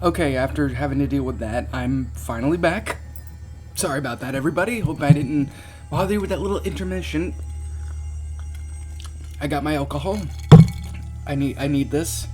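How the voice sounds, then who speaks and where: A man's voice: a little high, normal speed, long pauses, music in the background. A man reading a creepypasta aloud and breaking off into profane, exclaiming reactions and laughter. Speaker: creepypasta narrator and commentator. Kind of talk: reading a story with reaction commentary.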